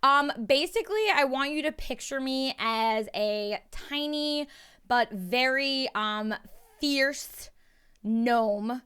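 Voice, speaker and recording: A woman joins a tabletop game as a player, chatting casually and giggling often. Her voice sits high and bright, with a clean, smooth tone. She sounds excitable and quick to laugh.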